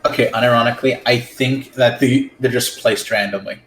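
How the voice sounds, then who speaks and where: A man casually chatting while reading a visual novel, with quick animated banter. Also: mid-range voice, echoey room, faint music behind, low-quality recording. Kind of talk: casual chat.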